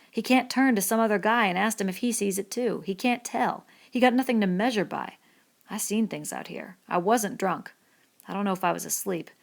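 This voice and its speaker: A woman reading the part of a bitter, lonely middle-aged male stable hand in a rough rural dialect, in an audiobook. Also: medium pitch, lightly acted.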